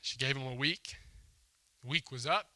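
A pastor preaches a sermon to a congregation in a church hall, retelling a story and voicing its lines with conversational emphasis. His medium-pitched voice is strikingly bright and forceful at a moderate pace, and the sound is close and dry with little room echo.

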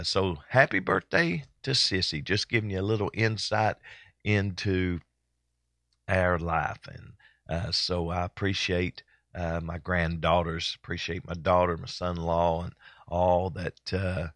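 An older man with a drawl hosts a homespun church broadcast, his voice sitting very low. He rambles along easily, stopping often on fillers and restarts. The sound is dry and close, with no room around it. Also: fairly even intonation, fairly bright tone, no echo. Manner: folksy, rambling with many pauses and fillers. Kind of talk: casual chat.

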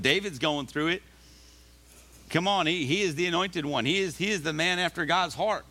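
A male pastor delivering a sermon, reading scripture slowly and urging listeners on with emphatic, repeated exhortations. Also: on the high side, bright, forceful tone. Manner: reads scripture aloud slowly.

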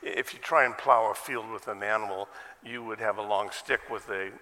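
A man's voice: on the low side, fairly even intonation, moderate pace, sharp tone, big-room sound. An American man preaching a sermon, firing off rhetorical questions and folksy asides. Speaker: pastor.

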